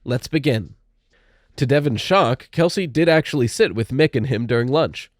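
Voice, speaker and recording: A man narrating a spooky young-adult audiobook in a steady, measured storytelling manner. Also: medium pitch, dry recording, clean studio sound.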